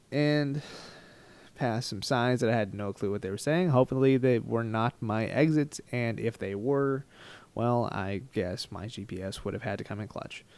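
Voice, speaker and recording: A man telling a travel story in a rambling, animated, self-mocking storytime vlog style. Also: medium pitch, dry recording. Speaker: travel vlogger.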